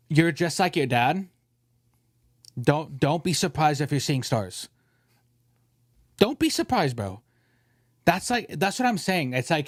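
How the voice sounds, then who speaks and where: Animated ranting podcast host, man. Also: fairly high pitch, slow pace, long pauses, no echo, studio quality. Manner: animated, joking, mimics others in quotes. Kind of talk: casual podcast rant.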